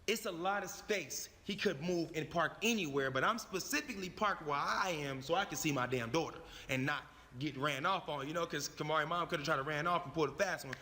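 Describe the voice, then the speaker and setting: A man's voice: on the high side, fairly quick, few pauses, pushed and bright, long reverb tail, slight background noise. A man telling a personal story in a profane, emphatic way, repeating his phrases for effect. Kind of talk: animated storytelling.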